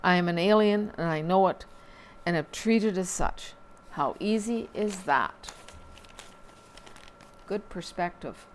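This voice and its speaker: Low-voiced woman reading the paper aloud. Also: slow, long pauses, a little hiss or hum. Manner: steady read-aloud with occasional slips and restarts. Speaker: newspaper reader. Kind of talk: reading newspaper columns aloud.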